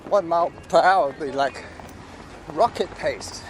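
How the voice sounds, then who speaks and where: A man's voice: on the high side, measured pace. A man chatting casually on a run, explaining things as he goes, recorded outdoors beside a road. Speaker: running companion. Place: outdoors by a road being paved. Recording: outdoor recording with loud traffic noise. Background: traffic and street ambience.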